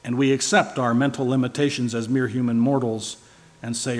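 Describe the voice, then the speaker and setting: Speaking at a moderate pace in a level, medium-pitched voice, a man delivers a sermon with emphatic stress. He moves between loud and soft to drive points home and periodically poses rhetorical questions to the audience.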